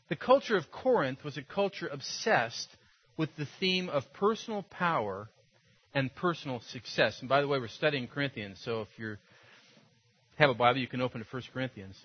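Here the pastor's voice sits fairly high with a breathy edge, and the recording is dull and lo-fi. He preaches casually through stories, laughing frequently and filling gaps with filler words.

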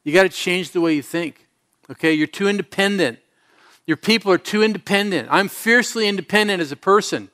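Middle-aged pastor preaching a storytelling sermon. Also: male voice, high-pitched, fairly quick, sharp tone. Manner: storytelling, earnest and self-mocking. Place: church service before a congregation.

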